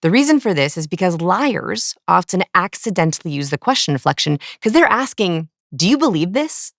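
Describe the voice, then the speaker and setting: A woman's voice: lowish voice, brisk, vocal fry, no echo, clean studio sound. A woman in her thirties, a guest expert, explaining eagerly in an interview and acting out examples. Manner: animated, explanatory, acts out examples. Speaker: guest, body language expert.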